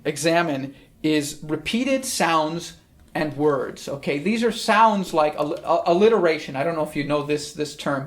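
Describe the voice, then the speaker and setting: A teacher explaining a text in a recorded lesson, friendly, often checking in with "okay?". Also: medium pitch. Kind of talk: recorded lesson on Shakespeare's language.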